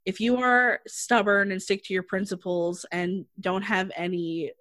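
A woman's voice: medium pitch, a little slow, dry recording. Female co-host, casual recap voice, laughs a lot, dry close sound. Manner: chatty, laughs often, quotes characters in flat asides. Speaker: podcast co-host recapping a drama. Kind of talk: casual chat.

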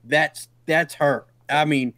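A man's voice: on the high side, steady tone, takes it slowly, a bit bright, dry recording. An enthusiastic man co-hosting a casual chat, with a slightly raised voice. He agrees emphatically and drives his points hard. The recording is dry and close. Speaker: podcast co-host.

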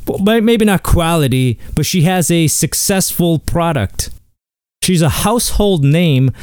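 Solo comedy host, male, sarcastic and foul-mouthed, mellow low-toned voice, dry close sound. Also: dry recording. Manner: profane, sarcastic, mock-outraged. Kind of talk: comedic rant.

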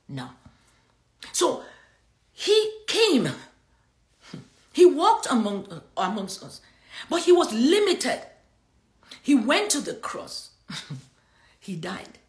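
A woman's voice: a little high, fairly bright tone, reverberant. A middle-aged woman preaching a sermon on a livestream, reading scripture and making emphatic points with laughter between them.

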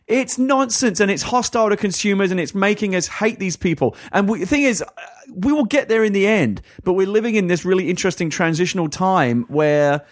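A man's voice: high voice, expressive, fairly quick. A man co-hosting a tech podcast, ranting with profane, sarcastic exaggeration in casual chat. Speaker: podcast co-host.

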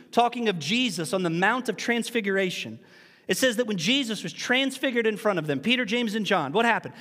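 A man preaching a sermon as pastor, animated, with rhetorical questions and humorous asides. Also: sits high. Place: church sanctuary. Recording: long reverb in a large church hall.

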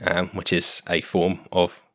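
Host, male, deep register, halting and self-repeating questions, casual tone. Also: monotone, a bit bright. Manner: hesitant, repeats words while asking. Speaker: podcast host. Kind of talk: casual group discussion.

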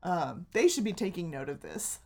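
Woman, podcast co-host, playful banter, laughs often, animated pitch. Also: moderate pace, gravelly. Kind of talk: casual banter.

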